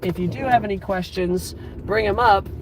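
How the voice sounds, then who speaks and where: A man's voice: high-pitched, moderate pace, a little hiss or hum. A man in his twenties hosting a casual live stream from inside his car. He rambles in an upbeat way, with plenty of fillers, and talks to his viewers through a phone. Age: 20s. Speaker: livestream host.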